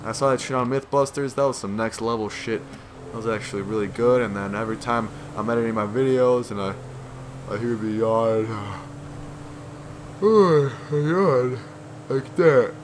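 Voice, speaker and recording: A man's voice: on the low side, steady tone, brisk, background noise. Tired, rambling male game commentator. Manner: rambling, profane, self-deprecating. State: tired, yawning. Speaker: gameplay commentator. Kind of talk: casual gameplay commentary.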